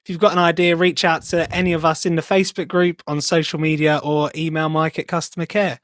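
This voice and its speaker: A man's voice: fairly high pitch, flat delivery, fast talker, no room sound, studio quality. A man co-hosting a casual podcast, announcing details and calls to action. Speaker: podcast co-host.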